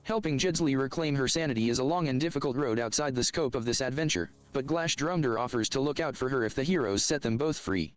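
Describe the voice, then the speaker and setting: A man reading tabletop adventure text aloud at a steady, even pace. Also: mid-range voice, quick pace, hardly any pauses, smooth.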